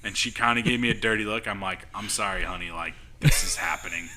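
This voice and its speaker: A man chatting casually on a podcast, telling a lively story and acting out what people said. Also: fairly low pitch, fast, hardly any pauses, a crowd in the background. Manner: animated storyteller acting out quotes. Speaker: podcast guest. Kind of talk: casual chat.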